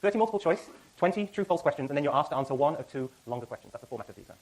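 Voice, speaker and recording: Fast-talking male lecturer, self-correcting. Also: a little high, animated, a little mellow, low-quality recording. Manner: rapid, self-correcting, many fillers. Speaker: university lecturer. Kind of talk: classroom lecture with announcements. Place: lecture hall.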